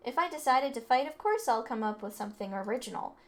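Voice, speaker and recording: A woman's voice: on the high side, animated, fast talker. Snooty rich boy heir, woman reading his lines, looks down on everyone. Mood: haughty. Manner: haughty, condescending. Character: arrogant rich teen boy heir, cold. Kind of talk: reading game dialogue aloud.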